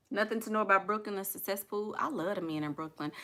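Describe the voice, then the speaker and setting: A woman's voice: medium pitch, fast, hardly any pauses, sharp tone. A young woman with a Southern accent from Houston, chatting casually and bluntly with her viewers, laughing and reacting to their comments. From Houston, Texas. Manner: blunt, laughing, talks back to chat. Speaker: vlogger reading live comments. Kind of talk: casual chat.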